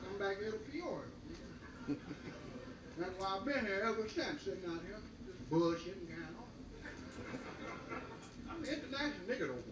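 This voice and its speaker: Older man, high voice, crude rambling comic tales, cackling laughs, distant noisy vinyl sound. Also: sing-song, moderate pace, long pauses. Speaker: comedian. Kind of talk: bawdy stand-up storytelling. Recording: roomy, distant, noisy old vinyl recording.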